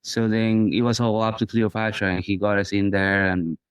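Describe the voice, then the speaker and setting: Relaxed man drummer telling stories. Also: on the low side, moderate pace, smooth, dry recording. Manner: relaxed storytelling, light laughs. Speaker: drummer, guest. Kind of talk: casual interview chat.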